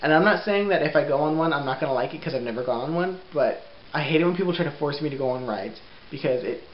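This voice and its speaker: A young man vlogging at home in a casual, rambling way, laughing often and filling pauses with ums. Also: a little high, animated. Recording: roomy, dull lo-fi sound with faint hiss.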